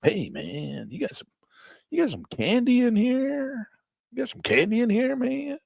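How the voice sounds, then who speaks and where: A man's voice: very high-pitched, lively intonation, a little slow, creaky, no room sound, studio quality, voice pushed up, exaggerated voice. A man putting on a drawling stoned hippie. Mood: mellow pleading. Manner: drawling, says "man" constantly. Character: laid-back stoned hippie guy, drawling.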